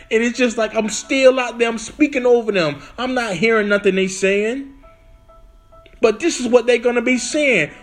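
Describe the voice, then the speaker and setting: High-voiced man preaching in casual slang. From Florida. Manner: reads verses slowly, then riffs in casual slang. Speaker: street preacher. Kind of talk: preaching scripture commentary.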